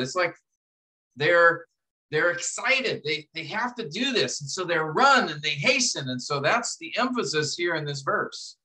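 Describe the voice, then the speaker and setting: A man lecturing to a class, walking students through an assignment step by step, restarting phrases and slowing down to read verses aloud. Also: on the high side, expressive, bright, forceful tone, rough recording. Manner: explanatory, repeats and restarts phrases, reads verses slowly. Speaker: instructor.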